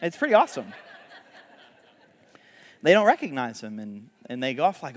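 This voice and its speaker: A man preaching a sermon, retelling a story in a casual, animated way with laughs and quick asides. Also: mid-range voice, long reverb tail. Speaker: pastor.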